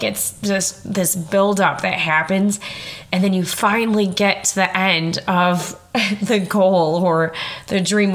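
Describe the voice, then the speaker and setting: A woman's voice: medium pitch, fairly bright tone. A young woman hosting a podcast and telling a personal story in a chatty, emphatic way, laughing often and swearing casually. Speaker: podcast host.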